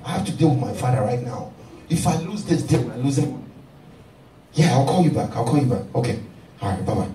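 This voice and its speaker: Excitable man for a church skit, lively swings in pitch, distant mic and echoey hall. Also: a little fast, crowd noise. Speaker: churchgoer who lies on the phone. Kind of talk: amateur church drama acting. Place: church building, indoors. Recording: echoey, distant mic with clear background noise.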